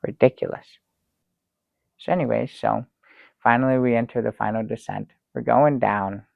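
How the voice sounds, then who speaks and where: Man doing a rambly fussy guest, gravelly voice, big dramatic outbursts, kinda dull dry sound. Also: medium pitch, fairly even intonation, no room sound. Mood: rambling. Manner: rambling, halting, theatrical exclamations. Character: fussy excitable man telling a travel story. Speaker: talk show guest. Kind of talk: improvised comic storytelling.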